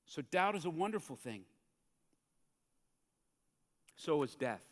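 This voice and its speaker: A man preaching a sermon as a pastor in a church, in a conversational, animated way that acts out the quotes he tells. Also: fairly high pitch, normal speed, few pauses. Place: church sanctuary. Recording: church hall reverb.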